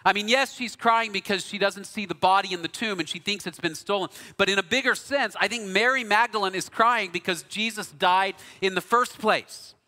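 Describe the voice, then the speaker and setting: Bright-voiced preacher in a reverberant hall. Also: male voice, high voice, normal speed, hardly any pauses. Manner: storytelling, earnest, animated. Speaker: pastor. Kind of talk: sermon. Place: church auditorium.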